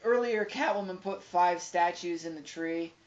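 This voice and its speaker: A woman's voice: fairly low pitch, normal speed, a little mellow. A woman co-hosting a casual podcast, recapping a movie plot with sarcastic, profane asides. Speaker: podcast co-host reviewing a movie. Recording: slightly dull lo-fi sound.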